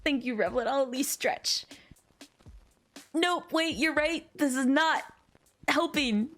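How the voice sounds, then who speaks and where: A woman's voice: high voice, slow pace, fairly bright tone, soft background music. A woman streaming a story game, chatting casually and laughing at herself. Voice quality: giggly, self-mocking.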